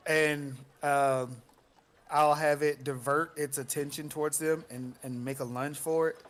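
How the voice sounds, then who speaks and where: A man's voice: a little high, fairly even intonation, measured pace, a bit bright. A man playing a tabletop role-playing game who talks in a hesitant way, with many fillers and restarts. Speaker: player.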